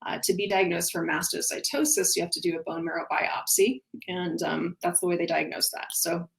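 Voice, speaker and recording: Webinar host, female, low gravelly voice, earnest and explanatory. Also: little pitch movement, brisk, low-quality recording. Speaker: functional nutrition practitioner giving a webinar. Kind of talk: recorded webinar talk.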